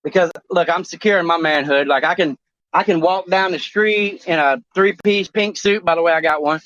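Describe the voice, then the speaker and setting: A man rambles through a crude talk show chat, halting and restarting, swearing freely. His voice sits a little high for a man. The recording is dry and dull, like a cheap mic. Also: a bit bright, no echo.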